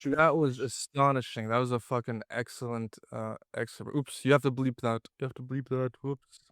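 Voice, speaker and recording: A man's voice: medium pitch, fairly even intonation, moderate pace, a bit bright, dry recording, studio quality. A man from Ireland with an Irish accent, a playwright being interviewed, blunt and self-deprecating with frequent swearing. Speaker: playwright guest. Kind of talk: casual interview.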